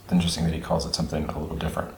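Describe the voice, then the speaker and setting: A man with a very deep voice hosts a casual reaction video. He muses aloud, trails off with fillers and repeats words to test how they sound. The room around him rings with echo. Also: completely flat delivery, very fast, slight background noise. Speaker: channel host reacting to a video.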